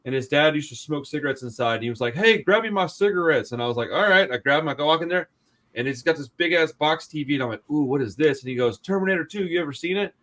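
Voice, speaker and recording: Male podcast host, fast, loose and animated, voices the people in his stories. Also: mid-range voice. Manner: animated storyteller, acts out quotes, swears freely. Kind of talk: casual chat.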